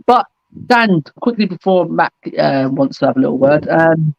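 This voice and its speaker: A man's voice: fairly high pitch, animated, moderate pace, creaky, no echo. A man hosting a fan call-in show, chatting casually and saying "mate" and "absolutely" a lot. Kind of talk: casual football chat. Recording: dull dry lo-fi sound.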